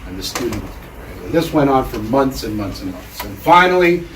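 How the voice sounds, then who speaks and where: A man tells a teaching story at a measured pace, pausing deliberately between thoughts. His mid-range voice echoes around a lecture room, picked up from a distance. A faint hum sits behind him. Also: medium pitch, sing-song. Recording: roomy hall, mic far off.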